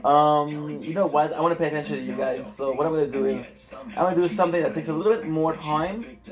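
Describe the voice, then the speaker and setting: A man's voice: on the high side, quick pace, music in the background, rough recording. Man rambling through a casual live stream. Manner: rambling, chatty, swears freely, greets viewers. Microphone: phone.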